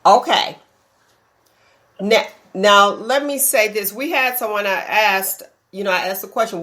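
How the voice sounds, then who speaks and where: A woman's voice: mid-range voice, fairly bright tone, poor audio. Lady host, chatty, fires off follow-up questions. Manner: conversational, quick follow-up questions. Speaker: talk show host. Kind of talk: casual interview.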